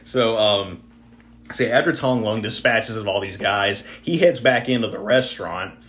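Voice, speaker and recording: A man's voice: lowish voice, moderate pace, fairly bright tone. A man chatting casually about a film, hesitant with fillers and self-corrections. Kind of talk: casual movie discussion.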